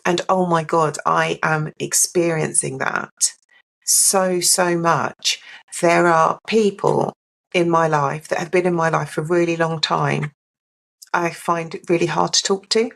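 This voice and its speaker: A woman's voice: low-pitched, steady tone, measured pace, creaky. A woman giving a candid, reflective personal account as a podcast guest. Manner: reflective and open, mimics others in a brighter voice.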